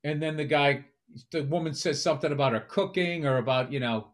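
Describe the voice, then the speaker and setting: A man's voice: mid-range voice, fast. A man co-hosting a comedy podcast, teasing and profane, telling stories in casual banter. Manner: teasing, profane, animated storyteller who acts out voices. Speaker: podcast co-host.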